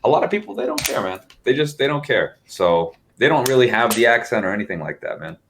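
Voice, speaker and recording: A man's voice: mid-range voice, sing-song, fast talker, a little hiss or hum. An American man chatting as a podcast guest, easygoing, laughing often and swearing freely. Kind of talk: casual podcast chat.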